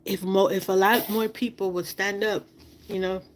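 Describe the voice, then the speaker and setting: A woman's voice: mid-range voice, steady tone, moderate pace, a little hiss or hum. Woman livestreamer, emotional monologue, holding back tears, keeps repeating herself, mid-range voice. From outside the United States. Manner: impassioned, repetitive, rhetorical questions.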